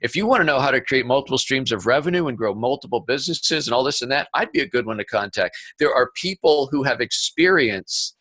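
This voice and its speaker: Man, interview guest over a video call, bright forceful delivery, dry sound, animated storyteller. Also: medium pitch, no echo. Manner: animated storyteller, quick asides. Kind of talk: conversational interview. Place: home office.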